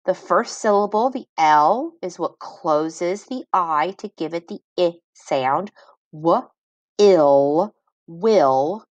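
A woman teaches phonics to young children, slowly sounding out each part of a word. Her voice sits a little low and her pace is unhurried. The sound is dry and close, with no room echo. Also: muffled recording. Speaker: reading teacher.

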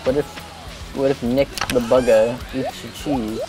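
A man's voice: medium pitch, steady tone, measured pace, loud music behind the voice. A man streaming a game live, chatting and joking crudely with friends on voice chat. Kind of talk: casual gaming banter on live stream.

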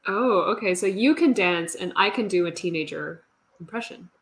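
A woman's voice: on the low side, expressive, moderate pace. Giggly woman painting and chatting. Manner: giggly, self-deprecating, laughs often. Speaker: teaching artist doing a demo. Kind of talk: casual chat while painting.

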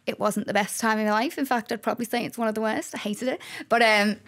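Chatty Scouse woman, a bit high. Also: steady tone, fairly bright tone. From Liverpool, England. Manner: chatty and straight-talking, quick to laugh. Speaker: guest, presenter and journalist. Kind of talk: casual podcast chat.

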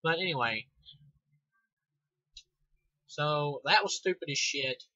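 A man's voice: on the high side, lively intonation, takes it slowly, pushed and bright, no room sound. A young man giving a rambling, sarcastic, profane casual movie review on a dull lo-fi recording.

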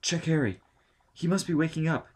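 A man's voice: fairly high pitch, moderate pace, breathy edge, pitched above the performer's own voice. A man voicing an irritable, anxious male psychologist who speaks in an urgent, edgy way. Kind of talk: audiobook reading.

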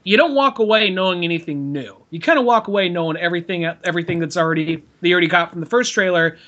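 A man's voice: high voice, fast talker, a bit bright, lo-fi sound. A man co-hosting a podcast in casual chat, giving meandering opinions. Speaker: podcast co-host.

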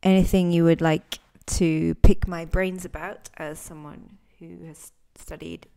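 A woman's voice: on the low side, little pitch movement, a little slow, creaky, dark tone, clean tone. A woman who is a native English speaker and teacher, hosting a casual podcast lesson, talking thoughtfully with frequent restarts and fillers.

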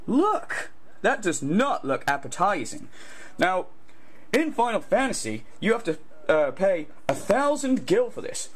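A man's voice: high-pitched, voice pushed up, full character voice. A man playing a self-important male YouTuber reviewing food, rambling and complaining in a pompous way. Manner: pompous, rambling, grumbling asides. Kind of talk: parody impression.

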